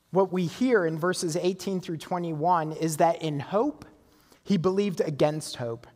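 A man's voice: on the high side, a little mellow, big-room sound. A male pastor preaching a sermon in a conversational way, often checking in with his listeners. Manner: conversational, asks listeners for agreement.

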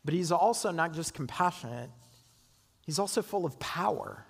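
A man's voice: a little high, expressive, normal speed, vocal fry, slightly rough, in a large hall. A man preaching a sermon as pastor, earnest and asking the congregation rhetorical questions.

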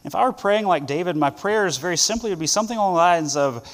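A man preaching a sermon to students, earnest, with loud stresses and soft asides. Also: high-pitched, lively intonation, quick pace, in a large hall.

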